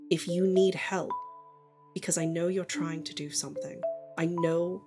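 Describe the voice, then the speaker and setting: Casting: woman doing a soft-spoken, regretful mother, low-pitched and measured, faint music under it. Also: flat delivery, lightly acted. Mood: earnest. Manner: quiet, measured, earnest. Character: guarded regretful mother, woman, middle-aged.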